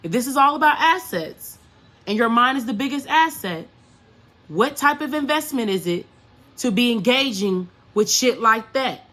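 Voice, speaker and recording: A woman's voice: fairly high pitch, lively intonation, moderate pace, a bit bright. Woman spiritual coach chatting to viewers, emphatic, keeps asking the same questions over and over, swears casually. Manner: emphatic, repeats rhetorical questions, profane slang. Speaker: spiritual coach and astrology reader.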